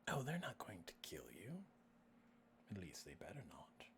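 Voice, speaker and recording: A man voicing a sinister, unseen male being who speaks in a low, taunting whisper. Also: very animated, normal speed, background noise. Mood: menacing. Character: creepy unseen male power source, sinister.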